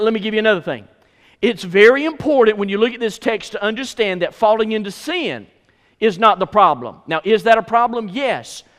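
Middle-aged male preacher, high-pitched, emphatic, heard in a reverberant hall. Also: a bit bright. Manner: emphatic, repeats phrases for stress. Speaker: pastor. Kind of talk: sermon. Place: church sanctuary.

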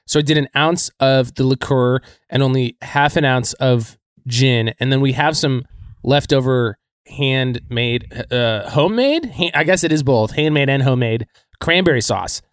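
A man's voice: mid-range voice, moderate pace, clear, resonant tone, no echo, clean studio sound. A man co-hosting a casual podcast over a remote call, chatty and full of asides. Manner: lively, chatty, lots of likes and trailing asides. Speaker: podcast co-host. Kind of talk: casual chat. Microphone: remote call mic.

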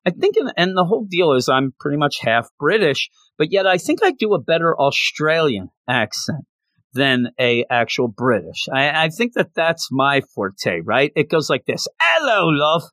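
A man's voice: fairly high pitch, sing-song, normal speed, fairly bright tone, no echo. A man hosting a podcast, rambling in a casual, self-deprecating and jokey way on a close mic. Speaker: podcast host. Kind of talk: casual chat.

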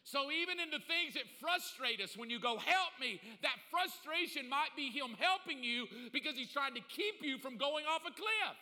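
High, bright-voiced preacher in a hall. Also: male voice, normal speed, few pauses. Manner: swings from hushed pleading to loud excited preaching; folksy and joking, acts out little dialogues. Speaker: pastor. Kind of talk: sermon.

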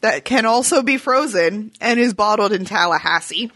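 A woman's voice: mid-range voice, lively intonation, normal speed, fairly bright tone, no echo. A young woman co-hosts a podcast with a playful, teasing tone and a ready giggle. Her mid-range voice sounds dry and close to the mic. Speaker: podcast co-host. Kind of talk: casual chat.

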